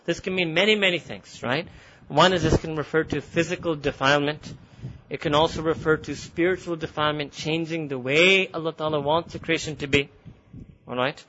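Animated, fast-talking male preacher. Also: on the high side, muffled recording, slight background noise. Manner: animated, laughs often, switches between English and Urdu. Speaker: religious teacher. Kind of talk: Quran commentary lecture.

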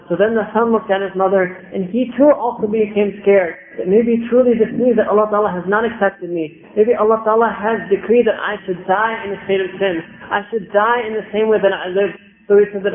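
A man's voice: high-pitched, fairly even intonation, a little fast, phone-quality sound. Male preacher, storytelling sermon; earnest and emphatic, echoey, phone-thin recording.

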